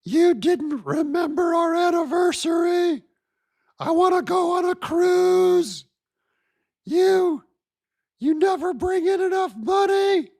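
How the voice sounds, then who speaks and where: Comic bit: a man playing a whiny wife in falsetto, nagging about money. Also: slow pace, gravelly, darkish tone, full character voice. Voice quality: high falsetto. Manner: whiny, complaining. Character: shrill nagging wife, adult woman, complaining.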